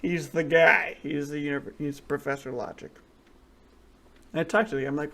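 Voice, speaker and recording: A man's voice: a little high, steady tone, moderate pace, creaky, long pauses, a bit bright. A man co-hosting a casual podcast, rambling through crude jokes with lots of restarts. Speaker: podcast co-host. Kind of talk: casual chat, crude joke telling.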